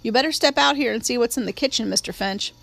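A woman's voice: fairly high pitch, fast, creaky, fairly bright tone. A woman voicing a loyal, plain-spoken housekeeper. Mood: matter-of-fact.

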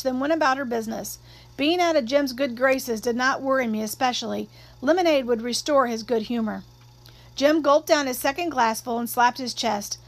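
A woman narrating a first-person novel aloud in a measured, expressive storytelling manner. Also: sits high. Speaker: audiobook narrator.

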